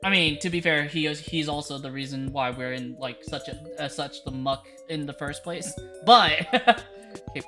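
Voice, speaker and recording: A woman's voice: deep voice, normal speed. Chatty young woman playing a game. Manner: chatty, laughing, excitable. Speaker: game streamer. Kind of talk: let's play commentary. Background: game music.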